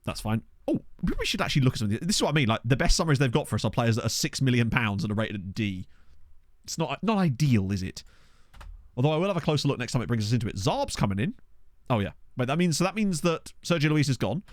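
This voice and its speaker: A male streamer talks through a game in a chatty, thinking-aloud way and swears casually. His middle-pitched voice rises and falls in a lively way. He sounds close and dry on a desk mic. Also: quick pace, dry recording. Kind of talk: live-streamed game commentary. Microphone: desk condenser microphone.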